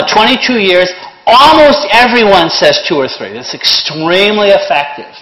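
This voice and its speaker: A middle-aged man teaching a CPR class with blunt, sarcastic jokes between his instructions. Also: sits high. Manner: sarcastic, blunt, joking, lively. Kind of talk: classroom lesson with joking asides. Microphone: handheld or worn microphone. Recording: echoey room, faint noise.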